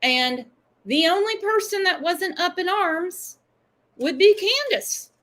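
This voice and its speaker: A woman's voice: extremely high pitch, lively intonation, slow, fairly bright tone. A woman hosting a true-crime livestream, talking in an emphatic, pointed way. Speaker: host.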